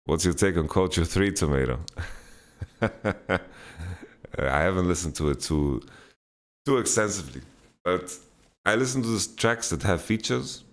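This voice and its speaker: A man's voice: low-pitched, expressive, a little slow, long pauses. A man hosting a casual Q&A podcast, answering viewer questions bluntly and laughing them off. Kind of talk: casual chat, Q&A.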